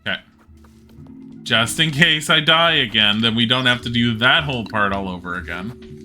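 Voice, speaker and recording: A woman's voice: rumbling low, normal speed, bright, forceful tone, faint music behind. A woman streamer giving casual, blunt commentary as she plays a game live on a desk mic.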